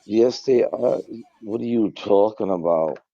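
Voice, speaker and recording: A man's voice: fairly low pitch, a little slow, dark tone, no echo. A man in an interview clip, speaking emphatically and bluntly. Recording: dull, muffled clip.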